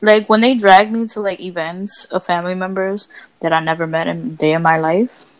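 This woman has a fairly low, steady voice and talks a little fast. A co-host on a casual podcast with Dominican family roots, she swears freely and doesn't mince words in her stories.

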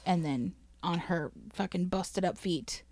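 Swearing, animated woman telling a story. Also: lowish voice, measured pace, no room sound. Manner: swears freely, laughs, emotional and animated. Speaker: podcast host telling a history story. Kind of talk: casual storytelling chat.

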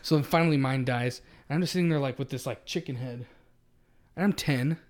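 A man's voice: mid-range voice, fairly quick. A man co-hosting a podcast, telling a long story in a casual, rambling way with frequent restarts. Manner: rambling, self-correcting storyteller. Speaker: podcast co-host.

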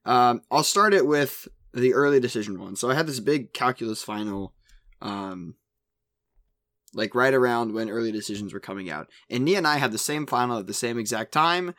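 A man's voice: mid-range voice, moderate pace, a bit bright, dry recording. Young man co-hosting, dry close sound. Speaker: podcast co-host. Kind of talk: casual podcast chat.

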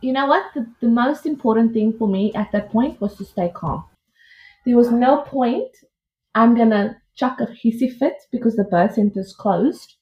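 A woman, a podcast guest telling a personal story in a lively, chatty way, often acting out what people said. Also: on the high side, normal speed, highs cut off. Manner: lively, chatty retelling with quoted dialogue. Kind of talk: casual storytelling.

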